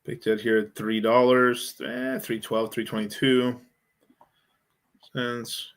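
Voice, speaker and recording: A man's voice: mid-range voice, little pitch movement, slow pace. A man hosting a crypto livestream, chatting casually and profanely as he rambles through charts. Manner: profane, rambling, thinking aloud. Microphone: streaming setup mic.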